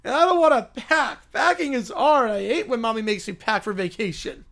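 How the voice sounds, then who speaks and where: A man's voice: very high-pitched, moderate pace, creaky, fairly bright tone, heavily acted. A man voicing a whiny, spoiled little boy who complains and pleads. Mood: whining. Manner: whining, pleading.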